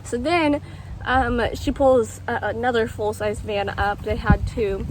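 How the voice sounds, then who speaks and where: A young woman vlogger tells a story casually in a slightly high voice with fairly even intonation, speaking a little slowly. She rambles with lots of "ums" and acts out quotes, with faint background noise behind her.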